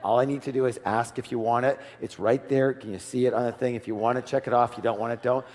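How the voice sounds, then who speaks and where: A man voicing a stuffy, curt middle-aged woman finance director in a flat, dismissive way, in a large reverberant hall. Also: medium pitch, fast talker, natural voice.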